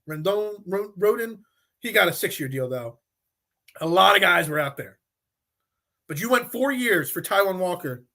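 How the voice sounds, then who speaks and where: A male sports talk host who argues his points, stacking restarts and repeated phrases. His voice sits high and sounds bright and forceful. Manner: animated, repeats himself when making a point.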